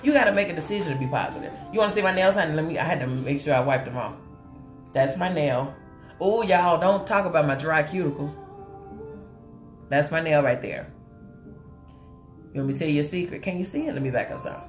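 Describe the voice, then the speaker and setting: A woman with a deep voice hosts a live makeup tutorial, speaking briskly but with long pauses as she chats with viewers and demonstrates. Animated and talkative, she greets them with endearments like honey and sugar. The recording has a roomy echo with faint music in the background.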